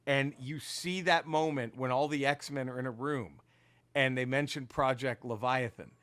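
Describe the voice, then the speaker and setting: A man co-hosting a casual podcast, retelling comic book plots in an animated, profane way with lots of restarts. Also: mid-range voice, moderate pace. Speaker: podcast co-host.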